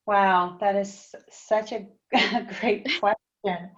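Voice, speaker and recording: A woman's voice: medium pitch, steady tone, extremely slow, fairly bright tone, dull audio. A middle-aged woman, a guest on a podcast, telling her story candidly and earnestly. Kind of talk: casual podcast interview.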